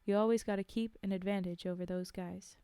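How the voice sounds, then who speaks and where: A woman's voice: mid-range voice, steady tone, fairly quick, mellow, clear, resonant tone, dry recording, lightly acted. A woman reading aloud and voicing a wry, shrewd man who is an experienced hunting guide, speaking matter-of-factly.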